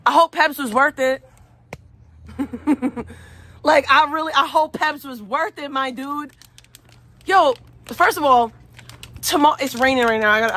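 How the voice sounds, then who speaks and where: A woman's voice: high-pitched, pushed and bright. A woman ranting profanely and taunting someone on a home livestream. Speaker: streamer. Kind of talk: angry livestream rant.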